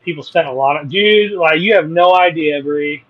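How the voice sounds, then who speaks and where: A man hosting a casual live-stream chat, talking loosely and acting out reactions as he goes. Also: on the high side. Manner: chatty, plays out reactions in quick voices. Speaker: livestream host. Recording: dull lo-fi stream audio.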